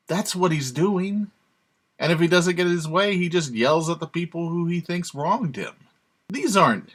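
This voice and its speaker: A man with a medium-pitched, fairly bright voice hosts his own channel, delivering sarcastic, emphatic, opinionated commentary while chuckling to himself.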